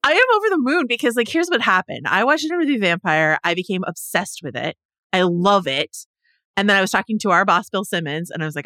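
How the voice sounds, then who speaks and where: A woman hosting a podcast over a video call, chatting quickly and excitably and laughing easily. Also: mid-range voice, no room sound, studio quality. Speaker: podcast host.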